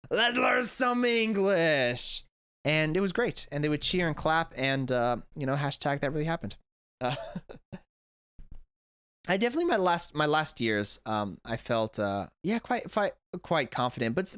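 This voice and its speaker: This man's voice sits a little high and sounds slightly bright on a dry recording. He's an English teacher filming a casual reaction vlog indoors at home, rambling and self-correcting as he comments on a video.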